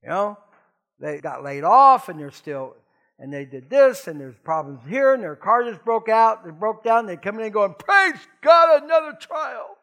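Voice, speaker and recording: A middle-aged man preaching a conversational sermon in a folksy, joking way with animated asides. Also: sits high, moderate pace. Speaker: pastor.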